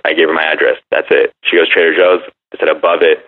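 A man's voice: extremely low pitch, level tone, fast. A man in casual chat, telling a brash dating story and acting out text messages. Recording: phone-like narrow sound.

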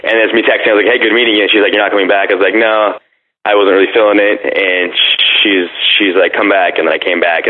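A man in casual chat, telling a brash dating story and acting out text messages. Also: low-pitched. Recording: phone-like narrow sound.

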